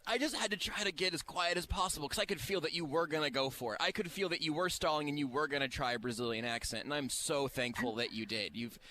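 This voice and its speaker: A man's voice: on the high side, sharp tone, slight background noise. A man hosting a radio show from a busy event floor, talking eagerly and restarting his sentences often. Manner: rapid, eager talker with stammered restarts. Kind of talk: casual radio chat.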